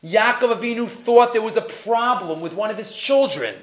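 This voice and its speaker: A man's voice: high-pitched, normal speed, a bit bright. A man giving a Torah class, explaining Hebrew and Aramaic texts in English with rhetorical questions. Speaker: Torah teacher. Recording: echoey muffled room recording.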